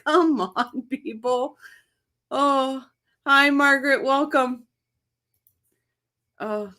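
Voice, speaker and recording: A woman hosting a casual livestream, chatting excitedly, laughing often and reading viewer comments aloud. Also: on the high side. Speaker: livestream host. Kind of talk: casual live-chat commentary.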